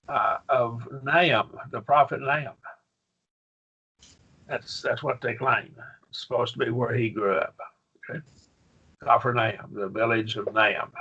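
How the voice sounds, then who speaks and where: A man's voice: medium pitch, fairly bright tone, slightly rough, highs cut off. A man teaching a Greek grammar class, patiently quizzing his students with questions. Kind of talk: classroom lesson.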